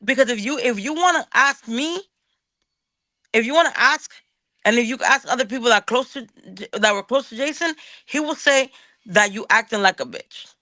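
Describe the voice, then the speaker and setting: A woman delivers a heated, profane call-out, tripping over and repeating her words as her anger builds. Her voice is bright and edged, recorded dry and close with no room around it. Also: fairly high pitch, moderate pace, no echo. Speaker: guest on a streamer's show.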